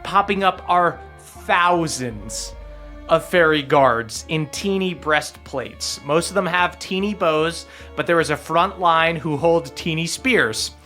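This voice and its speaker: A man's voice: a little high, expressive, takes it slowly, bright, forceful tone, soft background music. A man narrating and explaining the rules as game master of a tabletop game, with fillers.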